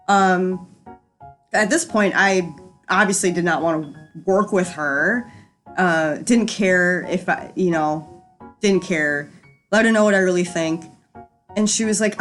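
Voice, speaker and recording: A woman's voice: on the low side, animated, measured pace, faint music behind. A young adult woman hosting a casual storytime chat, rambling and frank, with lots of fillers and easy swearing. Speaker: storyteller host.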